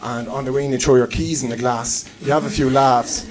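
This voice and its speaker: A man's voice: mid-range voice, fairly even intonation, fairly quick, a little hiss or hum, rough recording. Man in his late twenties, Cork Irish accent, stand-up comedian, chatty, sweary. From Ireland (Cork). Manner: chatty, self-deprecating, swears freely. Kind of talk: live stand-up comedy set.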